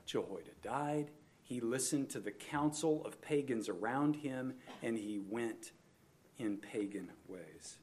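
A man's voice: mid-range voice, darkish tone. A man preaching an expository sermon, explaining a Bible passage verse by verse and leaning hard on emphasis, at times speaking straight to the children listening. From United States. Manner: expository, emphatic on scripture, addresses kids directly. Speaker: pastor.

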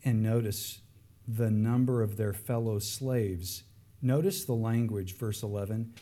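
Slow, earnest male preacher. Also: on the low side, steady tone. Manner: earnest, swinging between hushed lines and raised, pleading emphasis. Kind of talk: sermon.

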